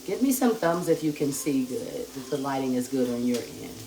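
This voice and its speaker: A woman hosting a live cooking demonstration, calm and chatty as she talks straight to her viewers. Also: rumbling low, normal speed. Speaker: cooking show host. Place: home kitchen. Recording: echoey kitchen with sizzling pan noise. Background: frying and sizzling from the pan.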